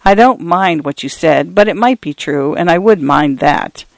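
A man voicing a gentle old pioneer grandfather. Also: a little high, expressive, gravelly, no room sound. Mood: wistful. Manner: gentle, slow. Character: proud elderly pioneer grandfather, gentle and wistful.

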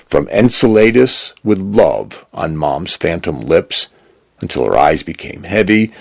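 A man with a gravelly voice reading a story aloud in measured narration. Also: low-pitched, dry recording. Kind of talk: scripted narration.

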